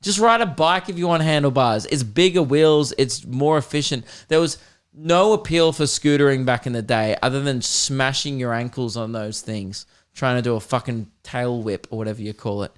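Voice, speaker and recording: A man's voice: medium pitch, moderate pace, clear, resonant tone. A young man hosting a podcast, telling a comic story in a casual, profane and laughing way with mock outrage. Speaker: podcast host.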